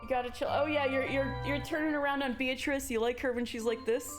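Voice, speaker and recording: A woman's voice: sits high, fairly even intonation, fairly quick, music in the background. A woman streamer reading a visual novel aloud, playful and giggly, giving the characters voices.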